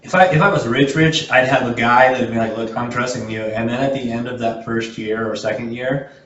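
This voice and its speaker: A man's voice: mid-range voice, a little fast, fairly bright tone. A man co-hosting a podcast in casual chat, telling stories in a laid-back way. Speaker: podcast co-host. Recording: roomy, distant, muffled podcast audio.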